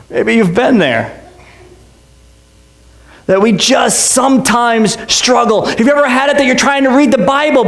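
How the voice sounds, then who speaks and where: A man's voice: very high-pitched, roomy sound. A man preaching a sermon as pastor, conversational and joking, full of rhetorical questions. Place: church sanctuary.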